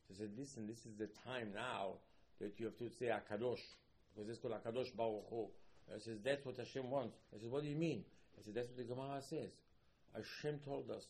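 A man teaching a Torah class as a sermon in halting, broken English, repeating himself and breaking into sudden loud emphatic bursts. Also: medium pitch, fairly even intonation, poor audio. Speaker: religious teacher.

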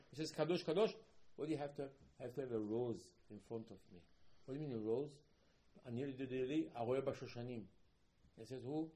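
A man teaching a Torah class as a sermon in halting, broken English, repeating himself and breaking into sudden loud emphatic bursts. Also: medium pitch, rough recording. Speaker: religious teacher.

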